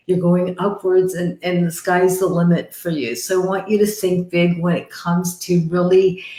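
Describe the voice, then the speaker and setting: A woman from Canada, a psychic medium hosting a live-stream card reading, chatty and animated, with frequent laughter. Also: lowish voice, echoey room.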